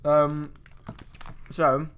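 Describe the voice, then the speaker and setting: A man's voice: on the high side, completely flat delivery, very slow, a bit bright, smooth. Young male podcast host; tired, mumbly delivery, filler-heavy, self-mocking. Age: young adult. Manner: tired, self-deprecating, rambling with many fillers. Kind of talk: casual podcast chat.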